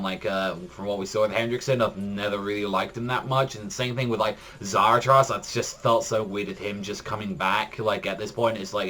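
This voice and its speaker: A man giving a casual spoken manga chapter review, rambling with constant fillers and jumping up in pitch when excited. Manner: rambling, heavy use of "like", frequent restarts.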